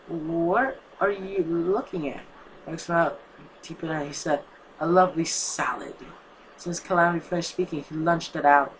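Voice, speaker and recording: A reader reading a fan story aloud in a halting way, stumbling over words. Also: mid-range voice, fairly bright tone, slight background noise, poor audio.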